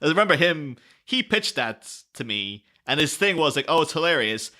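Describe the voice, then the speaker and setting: Podcast co-host, man, bright forceful voice, laughs a lot, casual banter. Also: fairly high pitch, moderate pace. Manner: laughs often, animated storytelling with put-on quotes. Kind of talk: casual chat.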